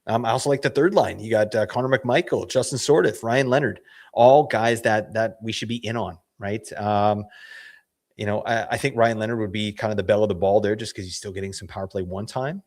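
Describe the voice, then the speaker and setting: Hoarse man talking fantasy hockey. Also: on the low side, a little fast, darkish tone. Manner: rambling, self-correcting, slangy. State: losing his voice. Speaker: fantasy hockey show host. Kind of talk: casual analysis chat.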